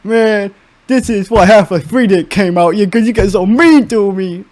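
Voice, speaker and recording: A young gamer putting on a sobbing, whiny mysterious man who wails and complains loudly. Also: medium pitch, moderate pace, lightly acted. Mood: whining. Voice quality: crying, whining wail.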